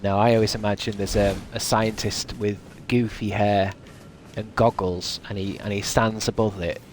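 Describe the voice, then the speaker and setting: A man's voice: fairly low pitch, little pitch movement, moderate pace, a little hiss or hum. A man streaming a game, musing aloud in casual, rambling chat with many restarts.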